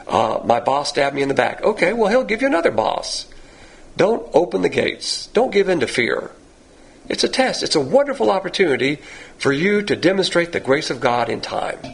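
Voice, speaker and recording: Animated gravelly male preacher. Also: fairly high pitch, poor audio. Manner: blunt, animated, acts out quoted voices. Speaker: pastor. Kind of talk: Bible teaching sermon.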